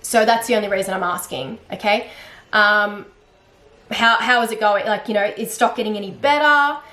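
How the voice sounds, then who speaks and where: A woman's voice: mid-range voice, normal speed, pushed and bright. Chatty woman telling a story in a roomy space. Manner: chatty, frustrated, many fillers and restarts. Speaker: vlogger. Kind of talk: casual storytime monologue. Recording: roomy echo.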